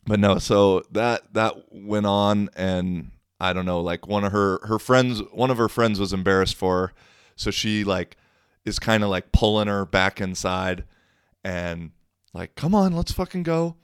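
A man's voice: deep voice, steady tone, unhurried, clear, resonant tone, no room sound, studio quality. A young man hosting a podcast, telling a story casually, with rambling fillers, restarts and a wry tone. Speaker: podcast host.

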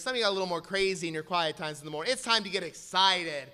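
A man preaching a sermon to a congregation, moving from quiet explanation to shouted exhortation. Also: high-pitched, quick pace, few pauses, smooth.

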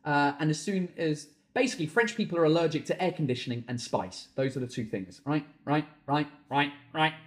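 Sweaty and overheated in a small room, a comedian runs his podcast solo, tackling listener questions with foul-mouthed rants that lurch into shouting. The recording is reverberant and his voice sits on the high side.

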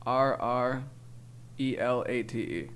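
A man's voice: mid-range voice, slow, fairly bright tone, smooth. A young man co-hosting a podcast, chatting casually through a spelling game, often laughing and exasperated. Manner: laughing, exasperated, says dude a lot. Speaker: podcast co-host.

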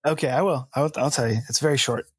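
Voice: mid-range voice, quick pace, slightly rough, no echo. A podcast host chatting about old films, laughing often and stumbling over names. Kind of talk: casual chat.

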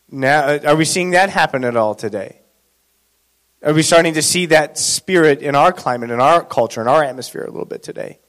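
A man preaching a sermon in an animated, conversational way, asking the congregation questions. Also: fairly high pitch, brisk.

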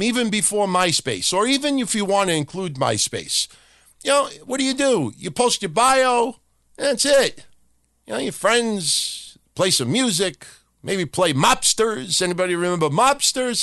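A man's voice: sits high, pushed and bright, no room sound, studio quality. A man hosting a podcast, ranting profanely and mocking people by acting out their lines. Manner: profane, mocking, acts out other people's talk. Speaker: podcast host. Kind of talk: opinionated rant.

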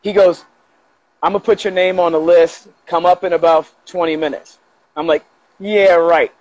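A middle-aged man telling a story as a podcast guest, casual and animated, acting out other people's lines as he goes. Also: fairly high pitch, normal speed, lo-fi sound. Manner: animated, acts out quoted dialogue with profanity.

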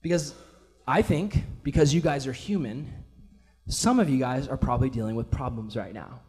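A man's voice: medium pitch, moderate pace, a little mellow. A man preaching a casual, enthusiastic sermon in a church, often saying "like" as he talks. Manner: casual, enthusiastic, many fillers like "like". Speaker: pastor.

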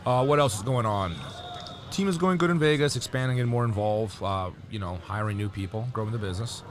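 Low-voiced man explaining at length. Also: a little fast, slight background noise. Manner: thoughtful, rambling explanations with fillers. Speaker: guest, tournament commentator. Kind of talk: casual interview chat. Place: tournament venue table. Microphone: headset mic.

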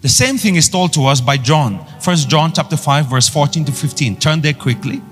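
A man preaches with an animated, rising voice that swings widely in pitch. His emphatic call-and-response delivery rings through a large church hall with a long reverb tail, and soft music plays faintly underneath. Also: moderate pace. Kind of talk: sermon.

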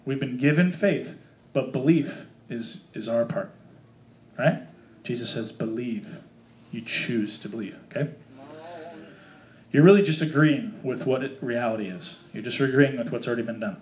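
A man's voice: medium pitch, normal speed, darkish tone. A man leading a casual Bible study for a small group, reading scripture aloud and explaining it in a chatty, joking way with many fillers.

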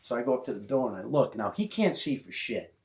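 A man's voice: medium pitch, quick pace. A man hosting a podcast, telling a hunting story in casual chat and acting out the other people's voices. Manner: animated storyteller who acts out voices of others. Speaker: podcast host.

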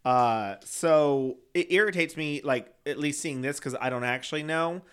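A man co-hosting a casual podcast, chatty and animated, laughing often as he recaps. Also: fairly high pitch, normal speed, smooth. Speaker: podcast co-host.

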